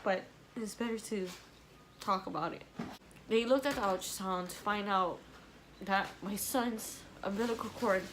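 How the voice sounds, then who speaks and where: A woman's voice: medium pitch, unhurried, a bit bright. A young woman speaks to her camera in a candid, personal way. Her voice is emotional and at times tearful and apologetic. She has a mid-range voice, with a faint hum in the background. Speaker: vlogger. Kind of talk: personal storytelling vlog.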